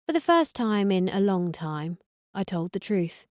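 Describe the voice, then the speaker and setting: A woman's voice: medium pitch, sing-song, a little slow, no echo, studio quality. A woman reading first-person narration for an audiobook in a wry, sardonic tone.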